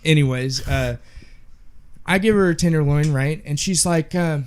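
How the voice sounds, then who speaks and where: A young man telling a casual story on a podcast, animated and swearing freely, acting out the people in it. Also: fairly high pitch, moderate pace, clear, resonant tone. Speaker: podcast co-host.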